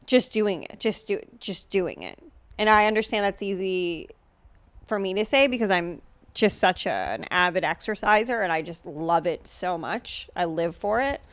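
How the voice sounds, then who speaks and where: A woman's voice: lowish voice, expressive, normal speed, a bit bright, no room sound. A woman hosting a podcast in a casual chat, sarcastic and profane, with lots of filler words. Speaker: podcast host.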